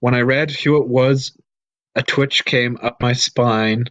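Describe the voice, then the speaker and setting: A man in a mid-range voice reads a horror story aloud for a comedy podcast and keeps cutting in with jokes. He swears freely and jumps into shrill outbursts. The sound is close and dry. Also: fairly even intonation, slow, fairly bright tone, no echo, muffled recording. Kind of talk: comedic reading and riffing.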